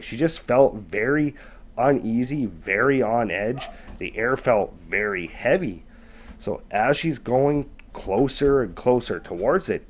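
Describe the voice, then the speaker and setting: Male storyteller, mid-range voice, conversational scary-story narration, loose and unpolished. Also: medium pitch. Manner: loose, conversational, with many fillers like "kind of" and "basically". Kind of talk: casual retelling of a scary story.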